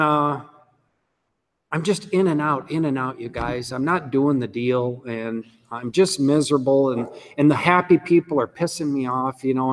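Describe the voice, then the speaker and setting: A man's voice: a little high, fairly bright tone, in a large hall. A middle-aged man giving an earnest, conversational testimony at a recovery meeting, often saying "you know" and "let me tell you.". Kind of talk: personal testimony talk.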